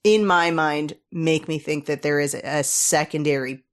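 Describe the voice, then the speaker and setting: A woman co-hosting a podcast, thinking out loud in a musing, hesitant way during casual chat. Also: low voice, fairly even intonation, measured pace. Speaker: podcast co-host.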